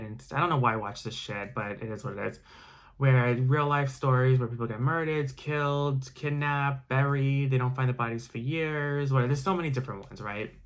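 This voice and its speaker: A man's voice: mid-range voice, a bit bright. A young man casually telling a story to camera, rambling with lots of "like" and restarts. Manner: rambling, heavy use of like and filler restarts. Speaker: vlogger.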